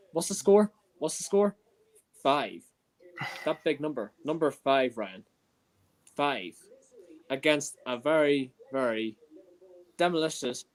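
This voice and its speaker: A man appearing as a guest fan pundit in a casual post-match chat, buzzing and rambling with many fillers. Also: mid-range voice.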